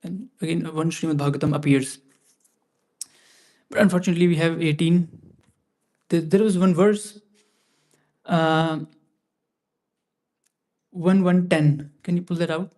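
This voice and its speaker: A man's voice: fairly high pitch, steady tone, measured pace, long pauses, darkish tone. A man giving a scripture class in a temple, talking conversationally and often restarting and repeating phrases. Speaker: class speaker.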